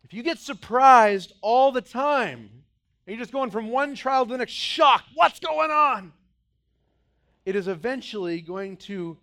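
A middle-aged male pastor delivers a sermon, acting out voices as he goes. He swings between loud outbursts and quiet, low passages.

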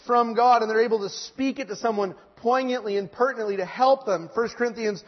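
A male preacher giving an earnest sermon, slowing down and pressing hard when he quotes scripture. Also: extremely high pitch. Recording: dull lo-fi sound in a reverberant hall.

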